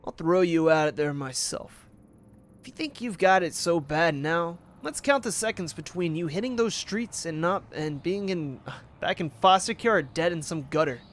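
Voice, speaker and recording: A man's voice: on the high side, moderate pace, a bit bright, slight background noise, natural voice. A man reading as a cruel, bullying manager. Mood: menacing. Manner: scolding, bullying. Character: cruel controlling talent manager, menacing. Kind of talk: reading game dialogue aloud.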